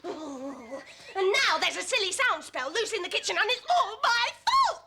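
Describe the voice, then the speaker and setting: A woman playing a scatty, good-natured young witch on a children's TV show, expressive and easily flustered. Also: very high-pitched, heavily acted. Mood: chatty. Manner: bright and expressive, quick to fluster. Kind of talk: children's TV acting. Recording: hissy VHS tape.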